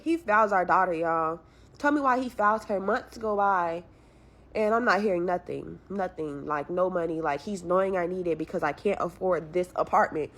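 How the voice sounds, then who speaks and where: A woman's voice: fairly low pitch, normal speed, fairly bright tone. A young woman venting about her struggles in a blunt, frustrated way, cursing heavily as she tells her story. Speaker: caller telling her story.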